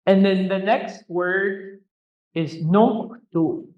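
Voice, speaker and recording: Language teacher for a classroom drill: very slow, deliberate delivery, repeats each word and corrects gently with a teasing streak, on a dull lo-fi recording. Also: medium pitch. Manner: drills words by repetition, patiently corrects pronunciation; teasing, good-humoured with students. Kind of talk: classroom pronunciation lesson.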